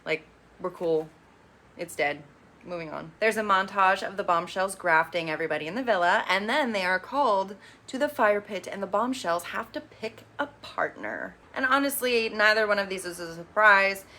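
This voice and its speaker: A woman casually recapping a reality show, with sassy opinionated asides and quick quoted impressions. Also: mid-range voice, bright, forceful tone.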